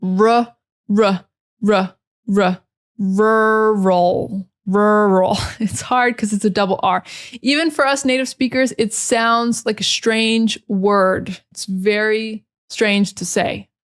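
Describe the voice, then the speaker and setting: American woman teaching pronunciation slowly. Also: medium pitch, fairly even intonation, fairly bright tone. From United States. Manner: slow, clearly articulated drills with repeated model words.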